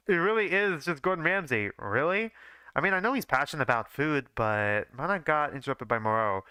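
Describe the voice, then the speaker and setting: Lively bright-voiced young man reading aloud. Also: mid-range voice, fairly quick, clean tone, no echo. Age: young adult. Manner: breaks off to mock his own writing, swearing and laughing; stumbles and restarts over lines. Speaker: streamer reading his own fanfiction. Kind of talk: live reading with offhand commentary.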